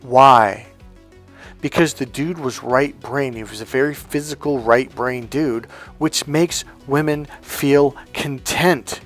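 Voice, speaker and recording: A man's voice: mid-range voice, takes it slowly, soft background music. A man talking as a dating coach in a profane, emphatic rant straight to his listeners. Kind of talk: monologue to camera.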